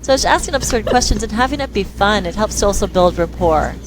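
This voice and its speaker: A woman speech therapist talking in an interview, lively and quick to act out the voices of children and parents. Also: medium pitch, noisy background. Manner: lively, acts out quoted dialogue in voices. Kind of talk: conversational interview.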